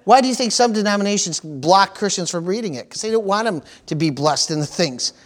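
A man's voice: high voice, lively intonation, a little fast. A man preaching a sermon as pastor, calling out for amens and repeating key phrases for emphasis.

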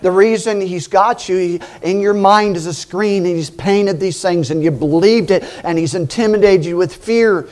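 A middle-aged man preaching a lively sermon, laughing and acting out voices as he tells stories. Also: high-pitched, normal speed, hardly any pauses.

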